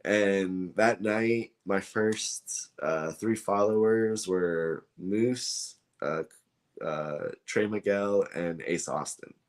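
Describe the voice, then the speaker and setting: Speaking very slowly in a low voice, a belt maker appearing as a guest on an interview show tells a story casually and ramblingly, with lots of fillers and acted-out dialogue.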